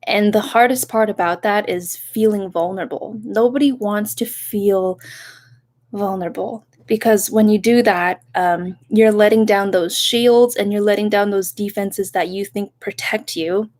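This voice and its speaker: Speaking slightly slowly in a mid-range voice, a young tarot reader on a live stream talks softly and meanders through a casual reading. Every so often she stops to greet viewers, suddenly excited.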